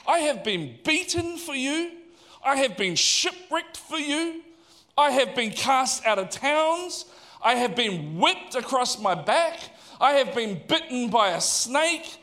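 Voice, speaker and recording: An exasperated apostle, acted out by a preacher in a sermon, who pleads with God and lists his grievances in a raised, indignant voice. The voice sits high. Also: very animated, takes it slowly, pushed and bright, exaggerated voice.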